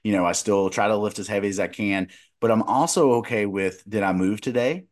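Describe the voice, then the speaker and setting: A man's voice: on the low side, a little fast. A man in his thirties, a podcast co-host and dietitian, chatting casually and telling a story with many restarts. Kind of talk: casual conversational chat.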